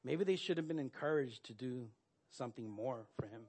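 Guy preaching a sermon, mid-pitched voice, earnest, lots of uhs and restarts. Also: expressive, fairly quick, a little mellow, slightly rough. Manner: earnest, with frequent fillers and restarts. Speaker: pastor.

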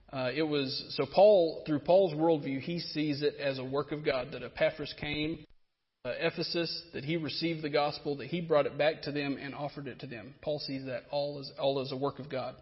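A male pastor delivers an earnest, explanatory sermon, pausing on fillers and restarting his phrases as he works through a passage. His voice sits a little higher than most men's, and it carries a long hall reverb. The sound is slightly muffled and dull.

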